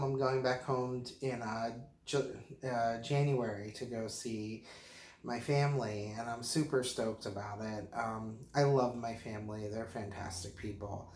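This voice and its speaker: A man's voice: medium pitch, a little hiss or hum. A man from the Pittsburgh area, mildly tipsy, rambling casually to camera with lots of fillers and frequent laughs. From Pittsburgh area, western Pennsylvania. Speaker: vlogger. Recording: roomy echo.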